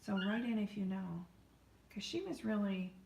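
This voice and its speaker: A woman's voice: medium pitch, expressive, moderate pace, creaky, darkish tone, a little hiss or hum. Chatty American woman in an echoey studio. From United States. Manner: rambling and friendly, talks to viewers by name. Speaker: artist hosting a live painting stream. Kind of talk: chatty live-stream talk while painting. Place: art studio.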